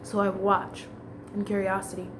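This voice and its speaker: Woman, casual storytime vlog, rambling, restarts, average pitch, faint noise. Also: completely flat delivery, normal speed. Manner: rambling, full of fillers, restarts and laughs.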